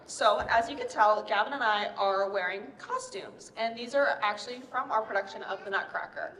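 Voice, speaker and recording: A woman's voice: mid-range voice, a bit bright, a little hiss or hum. A young woman ballet dancer leading children in pantomime, upbeat with frequent "um"s, recorded in a large library room. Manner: upbeat, hesitant fillers. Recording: echoey reverberant hall.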